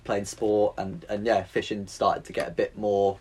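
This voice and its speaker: A chatty man from England with a slightly low voice tells long stories in a relaxed podcast chat. He drops "mate" into almost every sentence, and his voice sometimes comes across a touch nasal. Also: normal speed, a crowd in the background. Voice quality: sometimes sounds a bit nasal, like he has a cold. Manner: chatty, says "mate" constantly, self-mocking. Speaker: podcast guest. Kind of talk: casual storytelling chat.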